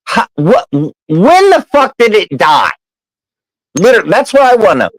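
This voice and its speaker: Profane, animated storytelling man. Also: sits high, moderate pace, breathy edge, dry recording, rough recording. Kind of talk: casual storytelling chat.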